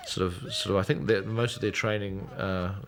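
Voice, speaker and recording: A man in a documentary interview, recalling filming in a hesitant way with many pauses and fillers. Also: sits low, fairly even intonation, fairly bright tone. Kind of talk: casual interview recollection.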